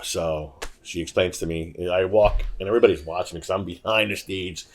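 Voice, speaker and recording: A man's voice: low voice, brisk. A man, a podcast guest, telling stories in a casual way and acting out the voices of the people he quotes. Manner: animated, acts out quoted voices. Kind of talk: casual storytelling.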